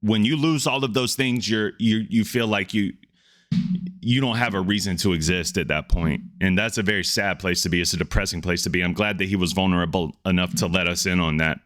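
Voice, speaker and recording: A man's voice: deep voice, steady tone, fairly quick, fairly bright tone. A man hosting a music reaction video, talking in an earnest, reflective way and often restarting his sentences. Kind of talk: casual reaction commentary.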